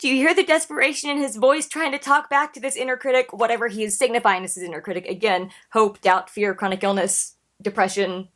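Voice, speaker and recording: A woman in her thirties talks through a reaction video in a casual, earnest way, emotional and searching for words as she restarts sentences. Her voice sits a little on the high side. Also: steady tone, fast talker, hardly any pauses, a bit bright. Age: 30s.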